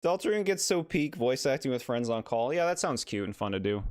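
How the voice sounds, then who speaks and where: Brief: male streamer, mid pitch, sarcastic and laughing, dry close mic. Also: sing-song, brisk, no echo. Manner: exasperated, sarcastic, laughs often. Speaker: gaming streamer. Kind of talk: casual live commentary.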